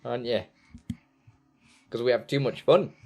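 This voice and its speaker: A man's voice: mid-range voice, moderate pace, a little mellow. A man streaming from his home setup, chatting playfully into a desk microphone and slipping into baby talk with his son. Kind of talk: casual chat on stream.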